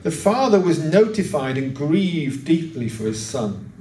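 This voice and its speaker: A man preaching a sermon, telling a long story and acting out its voices with raised pitch. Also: sing-song, measured pace, mellow, slight background noise. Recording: roomy, distant church recording.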